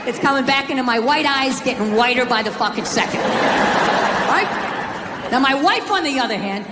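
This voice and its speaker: A middle-aged man doing a stand-up routine on stage, ranting with profanity and breaking into shouts. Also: very high-pitched, lively intonation, moderate pace. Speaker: stand-up comedian. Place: live comedy venue on stage. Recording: echoey hall, crowd laughter, noise. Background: audience laughter.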